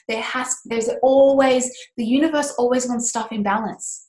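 In an echoey room, a woman with a fairly high, darkish voice talks passionately and emphatically about business and mindset on a casual podcast. Her intonation stays fairly even at a moderate pace, and she's candid, swearing now and then.

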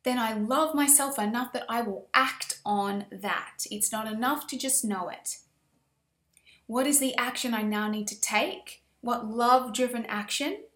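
A woman's voice: a little high, a bit bright, reverberant. A woman coach giving a motivational course lesson in a passionate, emphatic, affirming way. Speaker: women's empowerment coach.

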